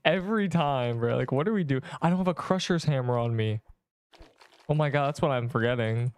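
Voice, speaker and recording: A man's voice: mid-range voice, normal speed, clean tone. A man streaming a game, chatting casually and rambling in exasperated banter with his viewers, full of slang. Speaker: gaming streamer. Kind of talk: casual livestream chatter while playing.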